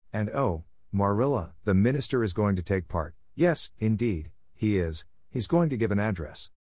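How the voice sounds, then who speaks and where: A man's voice: fairly low pitch, darkish tone, dry recording, studio quality. A man voicing an eager, chatty, imaginative young girl who gushes and pleads breathlessly.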